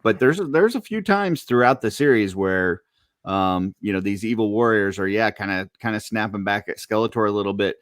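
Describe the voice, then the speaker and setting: Low-voiced, blunt male podcast co-host. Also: a little fast, no echo, clean studio sound. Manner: relaxed, blunt, many fillers like "you know". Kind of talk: casual fan podcast chat.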